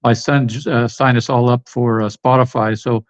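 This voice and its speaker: A man's voice: medium pitch, flat delivery, moderate pace, dull audio. A middle-aged American man, a podcast guest, rambling with many fillers and restarts. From United States. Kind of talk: casual interview chat.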